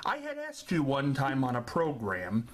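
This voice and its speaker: A man's voice: mid-range voice, wildly swooping pitch, measured pace. A man hosting an interview, asking polite questions with a slight stammer. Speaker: interviewer host. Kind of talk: casual interview.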